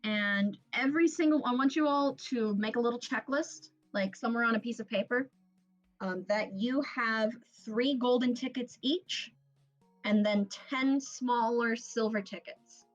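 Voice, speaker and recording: A woman game master narrating a tabletop game at a slow, easy pace, with a fairly high voice. She breaks into laughter often. The recording is dull and lo-fi, with faint music underneath.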